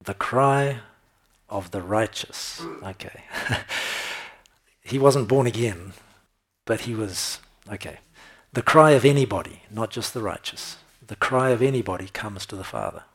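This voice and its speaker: Husky low-voiced man preaching. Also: lively intonation, a little slow, fairly bright tone. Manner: preaching with frequent "right?" and "okay?" checks to listeners. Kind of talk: sermon.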